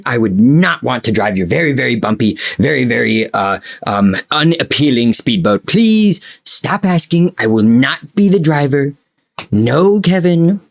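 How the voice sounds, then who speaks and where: Exasperated and sarcastic, this young man from the United States vents as a YouTube commentator, his delivery swinging from shouting to low muttering.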